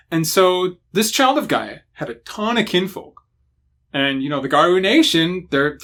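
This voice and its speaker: A man's voice: on the high side, moderate pace. A man co-hosting a podcast, chatting casually and profanely about running tabletop games, acting out quotes as he goes. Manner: animated, profane, acts out quotes. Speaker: podcast co-host.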